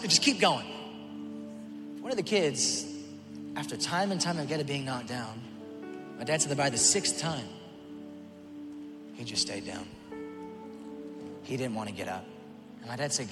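A male pastor delivering a sermon, moving between quiet storytelling and loud, shouted preaching. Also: medium pitch. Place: large church auditorium. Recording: long hall reverb with music behind.

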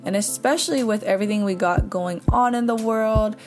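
A woman hosting a podcast in a casual, friendly tone. Her voice sits at an ordinary pitch, with clear music playing behind her. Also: fairly quick. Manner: friendly, informal. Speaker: podcast host.

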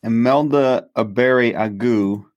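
A man hosting a live stream, praying for viewers and reading their messages in an earnest, steady way. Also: mid-range voice, measured pace, highs cut off.

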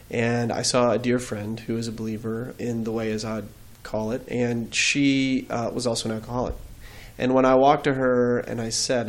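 A man speaks as a guest in an interview. He talks earnestly and reflectively, with a mid-pitched voice, recorded on a studio mic. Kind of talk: faith interview storytelling.

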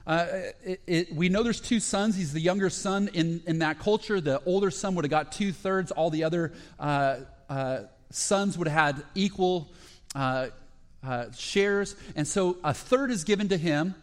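In no hurry, a man preaching as pastor works through parables in short bursts, stopping to restart and filling gaps. His energy rises at the key moments.

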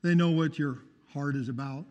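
A man with a notably high voice preaches his testimony with fervor and keeps calling out for amens. The sound carries a long reverb, as if from a church hall. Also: fairly even intonation, moderate pace, darkish tone, lo-fi sound. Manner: fervent, calls out for amens. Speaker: testimony speaker.

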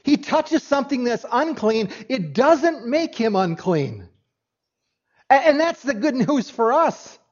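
A man preaching a sermon as pastor. He speaks earnestly, swings between loud emphasis and hushed tones, and often repeats a word as he restarts. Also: very high voice, sing-song, takes it slowly. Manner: restarts with doubled words. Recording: dull lo-fi recording.

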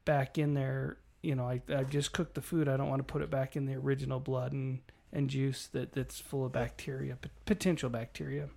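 Gravelly-voiced man telling stories. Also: mid-range voice, brisk, few pauses. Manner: animated storyteller, acts out quoted voices. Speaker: podcast co-host. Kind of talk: casual storytelling chat.

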